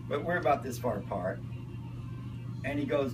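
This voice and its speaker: An older man telling a rambling personal anecdote, acting out voices and breaking into shouts. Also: medium pitch, a little fast, long pauses. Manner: animated, acts out voices and shouts in his stories. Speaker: storyteller. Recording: distant mic with loud music behind.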